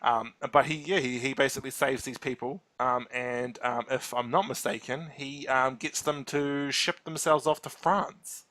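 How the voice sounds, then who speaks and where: A man co-hosting a casual podcast chat, animated, acting out quotes with laughing asides. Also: medium pitch, moderate pace, few pauses. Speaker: podcast co-host.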